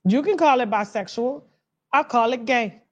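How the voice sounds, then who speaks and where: A woman with a high voice giving casual reaction commentary. She talks in a loud, animated, mocking way and hammers her points home by repeating them. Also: moderate pace, dull audio. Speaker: commentary host.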